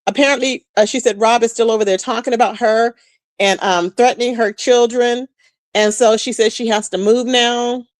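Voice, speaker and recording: Chatty woman streamer, higher voice, dry sound. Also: normal speed, no echo. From Texas. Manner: chatty and animated, addresses viewers as "child" and "boo", frequent laughter. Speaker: livestream host chatting with viewers. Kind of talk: casual livestream gossip chat.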